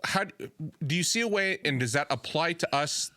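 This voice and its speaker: A man's voice: fairly high pitch, animated, fairly quick, pushed and bright, no room sound, clean studio sound. A man co-hosting a casual Bible podcast, asking questions hesitantly as he thinks aloud. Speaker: podcast co-host.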